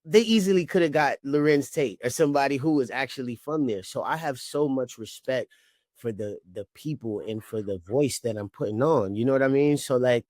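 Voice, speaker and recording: A man in his thirties from New Orleans, Louisiana, speaks with the local accent as a casual interview guest. His storytelling is laid-back and peppered with "you know what I mean," delivered in a mid-range, slightly mellow voice at normal speed, recorded cleanly in a studio with no echo.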